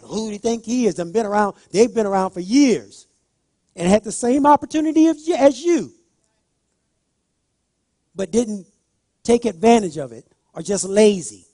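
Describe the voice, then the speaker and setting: Male preacher going up and down a lot, repeats himself, gets loud for emphasis, dry close sound. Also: high-pitched, unhurried, pauses often, no room sound. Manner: animated, repeats phrases, rises to loud emphatic bursts; talks directly to the congregation. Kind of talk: sermon.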